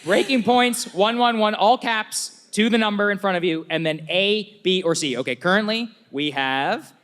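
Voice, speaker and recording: A man's voice: sits high, normal speed, fairly bright tone, in a large hall. A man co-hosting a political commentary show, joking and calling out live poll results like an auctioneer. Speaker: co-host.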